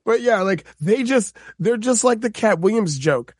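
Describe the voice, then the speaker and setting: Man, casual podcast chat, joking, lively, slightly high pitch, dry sound. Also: normal speed, hardly any pauses, husky, dry recording. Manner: animated, joking storyteller. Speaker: podcast co-host.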